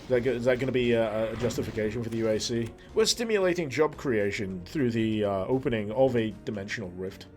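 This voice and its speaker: A man's voice: mid-range voice, animated, fast talker, few pauses, darkish tone, faint music behind. A man streaming a game live, chatting playfully and exclaiming at the action. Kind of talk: live gameplay commentary.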